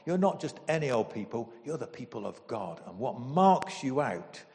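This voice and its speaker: A man preaching a sermon as pastor, emotional and animated, with sudden loud bursts. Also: medium pitch, normal speed, long reverb tail.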